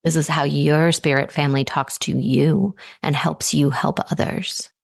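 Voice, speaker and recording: A woman's voice: low voice, steady tone, unhurried, vocal fry, husky, no room sound, studio quality. A woman hosting a coaching conversation, talking in an affirming, easygoing way. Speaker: host, intuitive coach.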